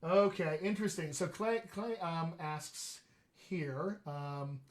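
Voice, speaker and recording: A man hosting a live question-and-answer session as a dialect coach, speaking in a chatty, animated way and often laughing. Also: on the high side, slow. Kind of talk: casual live-stream chat.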